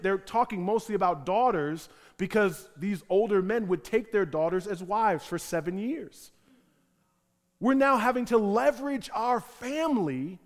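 A man preaching a sermon as pastor, animated, acting out the voices of the people in the text. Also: high-pitched, big-room sound.

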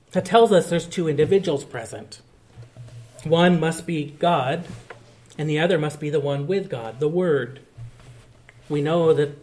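A man's voice: fairly high pitch, warm tone. A male pastor preaching a sermon, explaining a point of scripture in an earnest, teaching manner.

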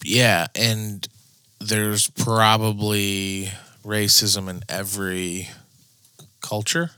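Slow, hesitant man. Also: on the low side, level tone, sharp tone, smooth, no echo. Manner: hesitant, tentative. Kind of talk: casual chat.

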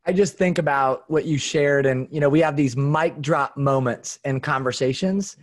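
A man's voice: on the high side, normal speed. A man hosting a podcast, effusive and affirming toward his guest. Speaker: podcast host. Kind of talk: podcast conversation.

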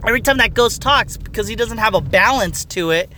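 A gamer talking through a casual game review. They ramble, swear freely, trail off and restart their sentences mid-thought, in a plain mid-pitched voice. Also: lively intonation, a little fast, pushed and bright, a little hiss or hum. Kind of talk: casual profane rant.

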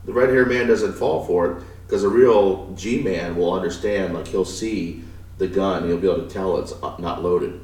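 Male co-host, lowish voice, casual rambling episode review, sits back from the mic in a reverberant room. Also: normal speed, darkish tone, far from the mic. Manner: rambling, trails off and restarts. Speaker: podcast co-host. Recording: echoey room, off-mic, faint noise.

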